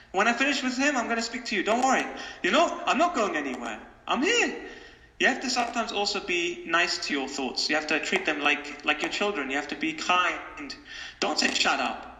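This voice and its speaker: A man giving advice as an interview guest, animated and repetitive, often acting out quoted voices. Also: high voice. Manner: animated, acts out quoted voices, repeats phrases. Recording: echoey room with long reverb.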